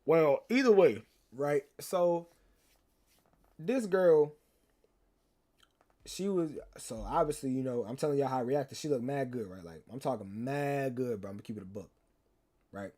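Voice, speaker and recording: A man's voice: medium pitch, expressive, moderate pace, pauses often, mellow. A young man, telling a rambling, slangy story to his stream chat and teasing viewers. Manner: rambling, slangy, repeats himself, teases chat.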